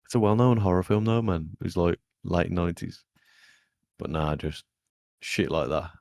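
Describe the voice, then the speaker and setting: A man's voice: sits low, normal speed, vocal fry, dry recording, studio quality. A young man, co-hosting a podcast and telling stories in casual, sweary chat. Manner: swears a lot, animated storytelling. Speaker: podcast co-host.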